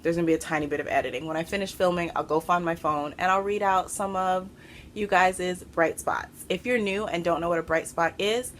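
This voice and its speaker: A woman hosting a craft podcast from home, chatting to camera in an excitable, rambling way and a little out of breath. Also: lowish voice, a little fast, slight background noise. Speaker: podcast host. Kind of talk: casual chat to camera. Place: home room.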